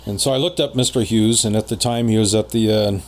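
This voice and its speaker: A man telling a personal story in casual conversation as a podcast guest, rambling with many pauses and fillers. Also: fairly low pitch, fairly even intonation, a little hiss or hum.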